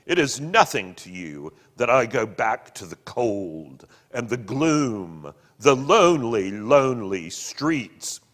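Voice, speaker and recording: A man voicing a self-pitying, theatrical ghost husband who declaims bitterly and loudly. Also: medium pitch, very animated, slow pace, few pauses, full character voice. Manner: declaiming, bitter, loud, drawn out. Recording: long hall reverb.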